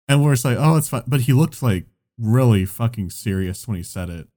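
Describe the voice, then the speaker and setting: A man's voice: medium pitch, fairly quick, few pauses, mellow. A man telling a long casual anecdote, rambling with lots of "like" and swearing. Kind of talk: casual chat.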